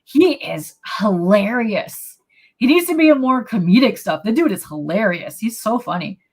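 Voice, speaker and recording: A woman hosting a casual live podcast chat, excitable and quick to laugh, reacting to viewer comments. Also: medium pitch, breathy edge. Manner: excitable, laughs often, reads chat aloud. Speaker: podcast host.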